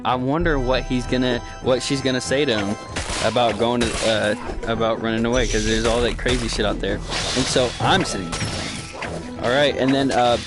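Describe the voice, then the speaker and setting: Rambling, swearing man over loud music. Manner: rambling, profane, swings into excited high exclamations. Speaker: gaming storyteller. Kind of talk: casual storytime recap. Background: loud background music.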